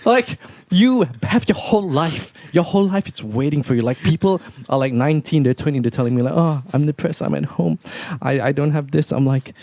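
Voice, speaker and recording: A man's voice: fairly high pitch, animated, a little fast, creaky, few pauses, dry recording. A man putting on a brash macho persona, ranting bluntly and profanely at people who complain. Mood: scornful ranting. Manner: loud, scornful, profane ranting.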